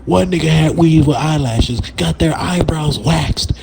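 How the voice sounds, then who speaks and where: A man's voice: a little high, unhurried, creaky, noisy background. A man telling a story from school in a casual chat with a friend, slangy and exaggerated, laughing as he goes.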